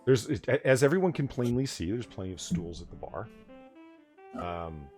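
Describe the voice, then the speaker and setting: Low guy hosting late night stream chat, rambly, swears a lot, bouncy up and down delivery. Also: sing-song, normal speed, darkish tone, soft background music. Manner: rambling, swearing, laughs often. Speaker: livestream host of a late-night bar hangout.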